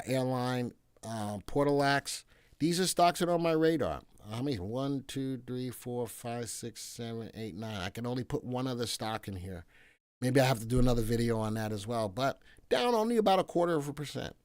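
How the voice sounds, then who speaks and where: A talkative man runs a casual stock market livestream, answering viewers and reading out tickers in a playful, bantering way. His voice sits at an ordinary middle pitch and is recorded close and dry, with no room sound around it. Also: normal speed, no echo.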